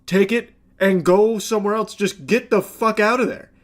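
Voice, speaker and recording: High-voiced sarcastic male commentator. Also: moderate pace. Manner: sarcastic, exasperated, blunt swearing. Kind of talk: reaction commentary.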